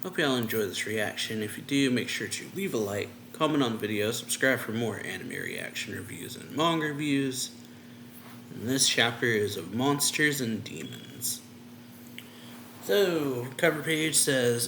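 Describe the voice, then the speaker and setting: A man's voice: mid-range voice, animated, measured pace, a bit bright, slight background noise. Casual male manga reviewer, rambling recap. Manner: loose and rambling, retelling scenes with many "and then, yeah" fillers. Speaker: anime and manga reaction reviewer.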